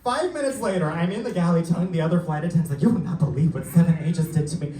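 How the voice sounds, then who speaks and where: A young man doing a live stand-up set, telling stories in a camp, sassy way with quick asides. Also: a little high, very noisy. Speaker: stand-up comedian. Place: theater stage before a laughing crowd. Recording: roomy live theater sound, mic distant, crowd audible.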